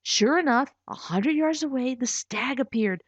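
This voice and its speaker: Woman author reading her storybook, lively pitch; dry, dull recording. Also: moderate pace, few pauses, dry recording. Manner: expressive storytelling, voices for characters. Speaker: author and narrator. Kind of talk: scripted audiobook narration.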